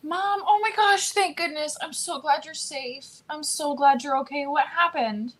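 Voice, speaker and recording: A woman's voice: sits high, measured pace, fairly bright tone. A woman playing a rattled young heiress who talks in an overwrought, theatrical way. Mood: distraught.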